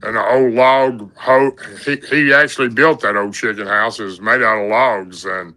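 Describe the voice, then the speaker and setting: Folksy man, very bright voice. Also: fairly low pitch, fairly even intonation, moderate pace, low-quality recording. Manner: rambling, folksy, lots of "and, uh". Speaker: podcast guest telling an encounter story. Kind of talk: casual storytelling.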